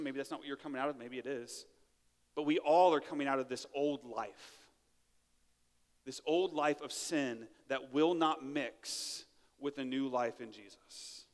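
In a church sanctuary with a long reverb tail, a man with a mid-range voice delivers a sermon. The pastor speaks conversationally and keeps checking in with "right?".

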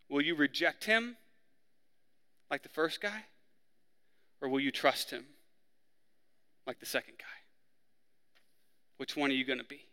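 A man preaching a sermon, acting out the criminals' words in a raised, forceful voice. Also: clear, resonant tone, long reverb tail. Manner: preaching, acts out the criminals' lines with rising pitch and force. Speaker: pastor.

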